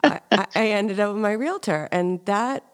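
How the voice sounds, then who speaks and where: A woman's voice: medium pitch, animated, moderate pace. A woman hosting an interview in a chatty, encouraging, conversational way. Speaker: host.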